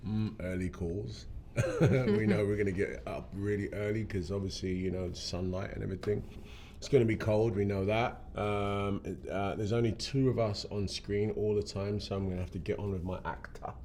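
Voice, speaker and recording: An actor in his forties chatting in an interview, relaxed and unhurried. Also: lowish voice, creaky. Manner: relaxed, laid-back, unhurried. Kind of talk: casual interview chat. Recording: faint background noise.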